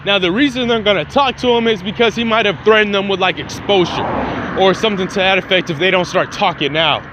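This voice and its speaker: A man's voice: high voice, quick pace, noisy background. A man casually retelling his own fan-fiction story, rambling and slangy with frequent profanity and restarts.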